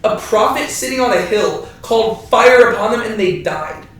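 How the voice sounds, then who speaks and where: A man teaching scripture to a small group, playful and quick to laugh, often tossing in a "right?". His voice is fairly high. It sounds like it was recorded from across a very echoey room. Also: lively intonation, fairly bright tone, distant mic. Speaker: Bible study teacher. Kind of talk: joking Bible study teaching.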